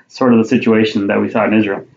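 A man's voice: fairly low pitch, level tone, a little fast, a little mellow, slight background noise. A man preaching a sermon, reading Bible verses aloud and then explaining them in plain conversational talk, often repeating his words. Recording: roomy, dull lo-fi sound.

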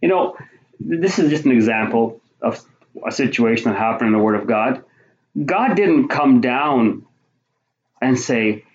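A man preaching a sermon, teaching conversationally through scripture and rising to forceful emphasis on key points. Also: mid-range voice, lively intonation, a little slow. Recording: roomy, dull lo-fi sound.

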